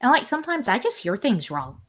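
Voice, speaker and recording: A woman's voice: on the high side, big pitch swings, a little fast, a bit bright. A woman hosting a casual livestream chat and reading out viewer comments, talking in a rambling way with frequent restarts. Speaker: livestream host.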